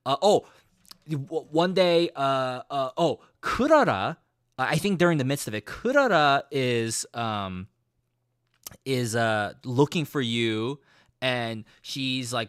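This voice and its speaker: A man giving a casual recap of a game he played, an animated storyteller who swears freely. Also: mid-range voice, measured pace, clear, resonant tone, no echo, studio quality. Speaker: gaming streamer.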